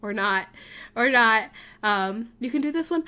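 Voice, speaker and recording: A woman casually commenting on her life-sim game, gushing and excitable over her pets. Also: fairly high pitch, unhurried. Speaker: gaming YouTuber. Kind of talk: casual let's play commentary. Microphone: desk mic, facecam.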